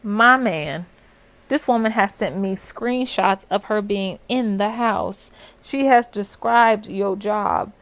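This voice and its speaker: A young adult woman telling her own story in a casual vlog, animated and full of "like" fillers. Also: mid-range voice, takes it slowly, no echo.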